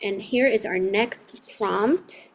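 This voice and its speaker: A woman's voice: medium pitch, a little hiss or hum, low-quality recording. A woman hosting an improv comedy game show online from a hotel room, upbeat and encouraging. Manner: upbeat, encouraging, speaks slowly.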